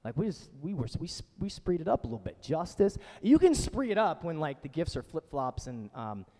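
A male pastor in his thirties delivers a conversational sermon with a high, bright-pitched voice that swings widely up and down. He talks casually with chatty asides, and his voice rings out with a long reverb in a church hall. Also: sing-song, brisk. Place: church sanctuary.

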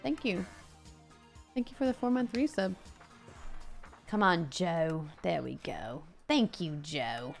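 A woman's voice: fairly low pitch, expressive, slow pace, vocal fry, pauses often, soft background music. A young woman streaming a game live, chatting playfully with viewers and thanking them for support. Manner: playful, talks to viewers and game characters, reads out donations. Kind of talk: casual live-stream chat while gaming.

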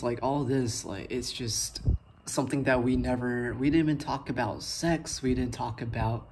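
A young adult man vlogging a personal story, talking in a halting way full of likes and ums. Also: mid-range voice, darkish tone, a little hiss or hum.

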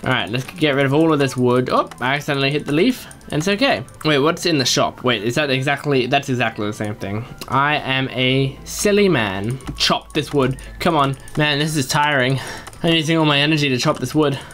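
A man doing Let's Play commentary at his computer, chatting to himself and breaking into excited high yelps. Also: fast talker, soft background music. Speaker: gaming YouTuber.

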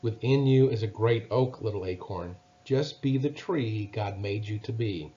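A man voicing a tall, gentle mother oak tree in a storybook, speaking calmly and reassuringly. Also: on the low side, measured pace, highs cut off, lightly acted. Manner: calm, reassuring.

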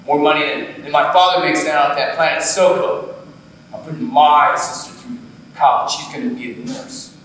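An actor performing a wry, conversational storytelling monologue live on a theatre stage. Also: male voice, on the high side, moderate pace, fairly bright tone, a little hiss or hum. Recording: live theatre, distant and echoey.

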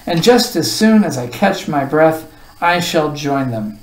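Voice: medium pitch, animated, unhurried, lightly acted. A reader voicing a pompous, talkative male humbug bug in a storybook reading, raised and wordy. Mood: bright. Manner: wordy, pompous, wheezing from overeating. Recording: roomy echo, voice far from the mic.

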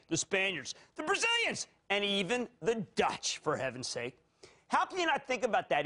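Fiftyish philly guy yelling about stocks on tv, real high voice, swings all over the place. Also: slight background noise. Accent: Philadelphia. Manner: theatrical, bursts into shouts, rapid jokey asides. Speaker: TV market commentator. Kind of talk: high-energy financial TV commentary.

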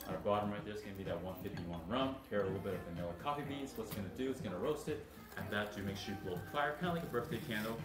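A man presenting dishes at a restaurant table with an upbeat, rapid server's patter. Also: on the low side, animated. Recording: echoey restaurant from a distance. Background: music.

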